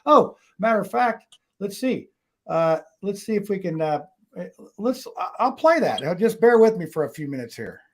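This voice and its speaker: A man's voice: high voice, sing-song, normal speed, slight background noise. An older man hosting a casual online talk show, chuckling and rambling as he talks. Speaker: talk show host and voice actor.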